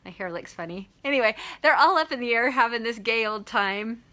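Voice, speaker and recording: A woman hosting a short video, retelling a children's story in an animated, chatty way. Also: on the high side, a little fast. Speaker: host.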